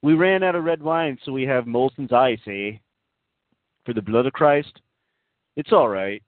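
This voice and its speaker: Man doing a brash Canadian priest, put-on Canadian accent, high sing-song voice, dry tinny phone-line sound. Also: unhurried, dry recording, natural voice. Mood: mocking. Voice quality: high, sing-song "eh?" tag on every phrase.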